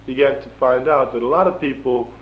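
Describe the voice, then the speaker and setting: Brief: young male interviewee, animated storyteller who chuckles and acts out lines; muffled archival audio. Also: medium pitch, fairly quick. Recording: dull lo-fi archival tape with faint hum.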